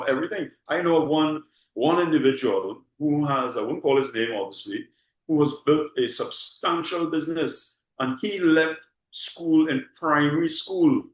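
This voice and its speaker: Trinidadian man, casual talk, roomy sound. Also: mid-range voice. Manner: repeats words, leans on rhetorical "okay?". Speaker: guest. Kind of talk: casual conversation.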